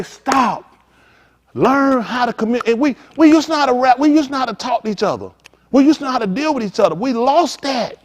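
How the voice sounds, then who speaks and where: A man preaching informally to a congregation, animated and conversational, acting out little dialogues as he goes. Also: on the high side. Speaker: pastor.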